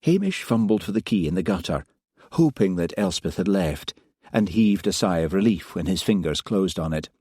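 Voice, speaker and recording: A man narrating an audiobook in a measured, even way. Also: deep voice, breathy edge, no echo, studio quality. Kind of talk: scripted narration.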